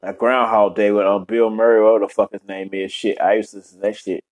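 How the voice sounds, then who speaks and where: A man's voice: fairly low pitch, level tone, quick pace, dark tone. A man hosting a podcast, giving loose, profane, rambling commentary while reacting to a movie.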